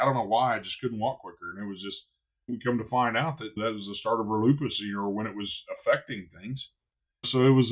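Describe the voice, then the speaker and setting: A man with a fairly low voice tells stories on a podcast in a blunt, animated way, cursing freely. He is a barbecue pitmaster and the guest. The recording sounds a bit dull and lo-fi. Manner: animated, blunt, swears freely, relives moments in quotes. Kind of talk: casual podcast storytelling.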